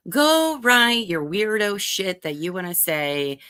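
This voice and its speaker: A woman hosting a stream, chatting casually, expressive and freely profane. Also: medium pitch, slow, smooth, dry recording, studio quality. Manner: expressive, profane, laughing often. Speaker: stream host. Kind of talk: casual chat.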